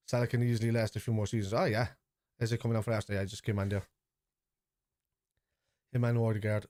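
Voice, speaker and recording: A man with a Cork Irish accent, streaming a live football watchalong, chatting casually and shouting at the referee and players. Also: on the low side, flat delivery, quick pace, no room sound, clean studio sound. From Ireland. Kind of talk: live match reaction chat.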